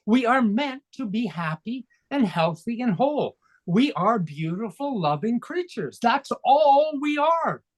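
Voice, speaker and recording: Very high and sing-song, this man's voice runs a little slow with few pauses. He's a Canadian coach and speaker in his 60s, giving an interview with fervent, emphatic motivational energy.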